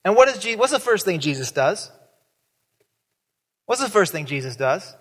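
Animated preacher man in a reverberant hall. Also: moderate pace. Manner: animated, acts out quoted voices with big pitch jumps. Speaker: pastor. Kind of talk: sermon.

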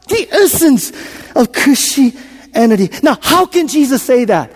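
A preacher delivering a sermon with a strikingly high voice for a man. He swings from loud declarations down to hushed whispers, repeats his points and questions the congregation. His voice rings with a long reverb through a church sanctuary. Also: very animated, unhurried, husky. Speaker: pastor.

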